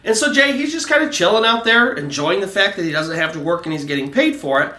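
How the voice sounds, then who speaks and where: High, bright-voiced man telling a ghost story. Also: animated, fast, roomy sound. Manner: loose and conversational, many "you know"s. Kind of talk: narrating a true ghost story.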